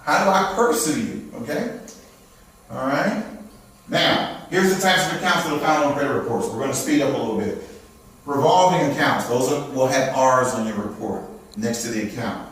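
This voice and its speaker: A man's voice: mid-range voice, normal speed, a bit bright. A man teaching a live credit repair class, checking in with the audience after nearly every point. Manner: checks in with frequent "okay?" and "all right?". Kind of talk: live seminar lecture. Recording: very echoey room, from far off.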